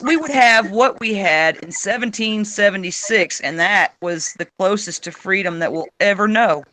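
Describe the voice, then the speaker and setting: A man's voice: normal speed, few pauses, pushed and bright, no echo. A man hosting a casual political chat, talking emphatically. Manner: emphatic, swings into high mock voices. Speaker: host.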